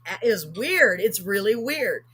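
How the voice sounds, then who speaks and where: A woman's voice: mid-range voice, sing-song, measured pace, a bit bright, slightly rough. A middle-aged woman, telling a story on a live talk show with emphatic, acted-out quotes. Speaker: host.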